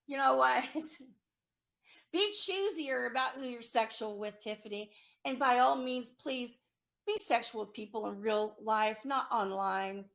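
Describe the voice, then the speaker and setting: A woman's voice: fairly high pitch, measured pace, creaky, a bit bright. A woman delivering an accusatory, profane, sarcastic rant straight at someone. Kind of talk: angry confrontational rant.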